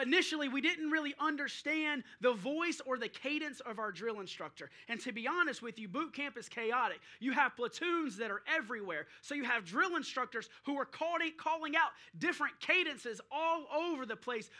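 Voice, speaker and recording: A man's voice: extremely high pitch, animated, normal speed, few pauses. A man preaching a sermon, building through repeated rhetorical questions. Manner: preaching with rhetorical questions and drill-call shouts. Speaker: pastor.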